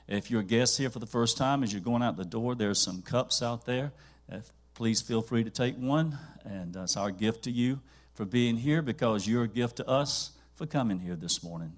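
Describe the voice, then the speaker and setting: A man's voice: medium pitch, moderate pace. A man with a Southern US accent, a pastor leading announcements and prayer in a church service, folksy and joking. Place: church sanctuary.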